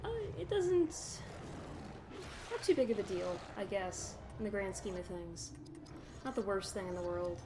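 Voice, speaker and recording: A woman's voice: mid-range voice, moderate pace, noisy background. A woman giving casual, rambling, sarcastic commentary over a video game playthrough, laughing often. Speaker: let's play commentator.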